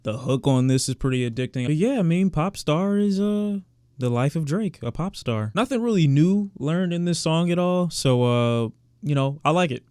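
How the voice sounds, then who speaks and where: A man's voice: fairly high pitch, expressive, normal speed, dark tone, clean tone, no echo, clean studio sound. A man giving casual reaction commentary as a music reviewer, candid and sometimes sarcastic toward the song.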